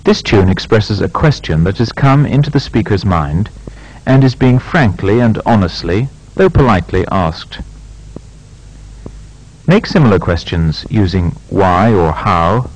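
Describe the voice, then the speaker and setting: A man reading pronunciation drills as a language lab instructor, in a measured and carefully enunciated way. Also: fairly low pitch, expressive, lo-fi sound.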